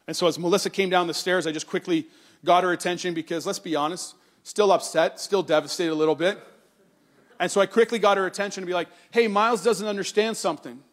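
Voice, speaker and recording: Middle-aged male pastor, sermon storytelling, slightly high voice, earnest. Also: a little fast. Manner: storytelling with animated quoting, then earnest and softer on scripture.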